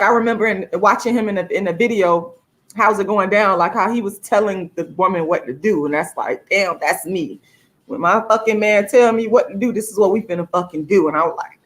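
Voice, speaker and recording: A woman vlogger in a casual to-camera monologue, talking emphatically with plenty of swearing and her pitch jumping high for emphasis. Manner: emphatic and profane, with laughs between points.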